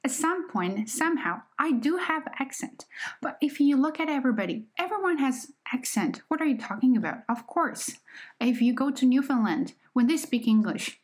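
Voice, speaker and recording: A woman's voice: high-pitched, animated, moderate pace. Earnest woman with a Chinese accent. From China. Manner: earnest, reflective, addresses the listener directly. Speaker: English teacher and podcast host. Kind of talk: casual solo podcast talk.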